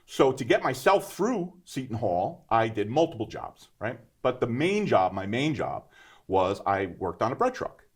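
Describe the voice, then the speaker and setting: A man in his fifties, a guest entrepreneur, telling his story in a casual, animated interview and often checking in with "right?". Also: medium pitch, moderate pace, slightly rough. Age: 50s. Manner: animated, emphatic, keeps adding "right?".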